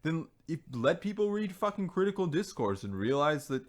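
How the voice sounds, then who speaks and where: A man's voice: a little high, big pitch swings, moderate pace. A man co-hosting a podcast in casual banter, sarcastic and profane, sometimes breaking into a rant. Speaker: podcast co-host.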